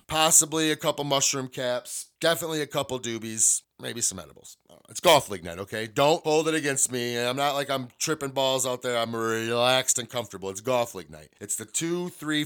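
A middle-aged man hosts his own podcast alone, speaking bluntly and candidly about his week. He swears freely as he talks. His voice sits at an ordinary middle pitch. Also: a bit bright, clean tone. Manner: profane, blunt, candid storytelling. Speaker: podcast host. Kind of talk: solo podcast monologue.

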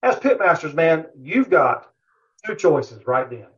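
A man with a somewhat high voice tells a long anecdote in a relaxed interview, looping back with fillers and asides as he goes. The audio is dull and lo-fi, with the top end muffled. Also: measured pace. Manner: rambling anecdotal telling, many fillers. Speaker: competition barbecue cook, podcast guest. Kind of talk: casual storytelling interview.

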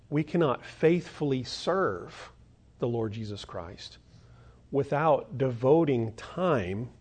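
A man's voice: medium pitch, darkish tone. A man preaching a sermon as pastor, earnest and emphatic, repeating his key points for weight.

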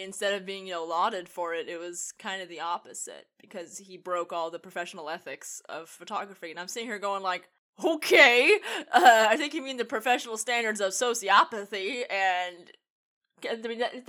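A woman's voice: medium pitch, pushed and bright. A woman co-hosting a podcast in casual chat, blunt and opinionated, rambling through her points. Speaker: podcast co-host. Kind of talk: casual chat reviewing a TV episode.

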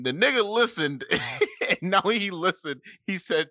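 Animated man joking on a podcast. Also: a little high, normal speed, dry recording, dull audio. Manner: animated, joking, slangy banter. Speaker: podcast co-host. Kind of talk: casual chat.

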